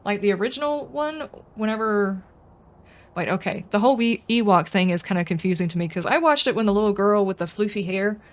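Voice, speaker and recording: A woman's voice: mid-range voice, lively intonation, fairly quick. Chatty woman streamer. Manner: rambling, chatty, answers viewers' comments. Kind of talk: casual live-stream chat.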